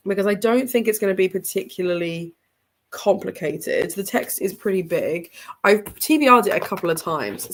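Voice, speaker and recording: A young woman hosting a reading livestream from home, sounding stuffy and congested, chatting in a rambling way with lots of ums and small laughs. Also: on the low side. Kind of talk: casual livestream chat. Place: home room with bookshelves behind her.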